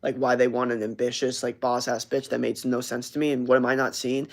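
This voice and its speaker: A young man hosts a livestream, reading out live chat messages and answering them in a brash, profane ramble full of fillers and restarts. His medium-pitched voice has vocal fry and a flat, brisk delivery.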